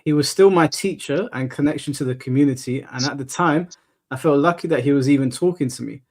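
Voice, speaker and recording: A man's voice: fairly high pitch, fast, a little mellow. A man hosting a casual podcast, talking in a blunt, incredulous and slangy way. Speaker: podcast host.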